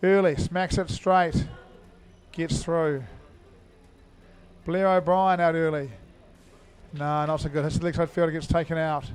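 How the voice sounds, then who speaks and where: Middle-aged guy calling indoor cricket, kinda high voice, lots of ums and you knows. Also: level tone, unhurried, clear, resonant tone. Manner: chatty, thinks aloud with many fillers. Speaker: commentator. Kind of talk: live indoor cricket commentary.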